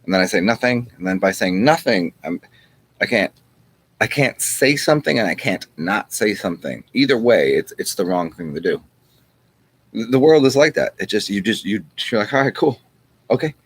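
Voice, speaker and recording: A man with a very low, husky voice rambles through a wry monologue. He swears freely and keeps restarting his sentences. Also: lively intonation, moderate pace. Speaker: channel host.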